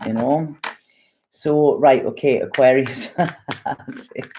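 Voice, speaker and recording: Woman, tarot reader, deep mellow voice, rambling, blunt, swears. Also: normal speed. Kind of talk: casual tarot reading.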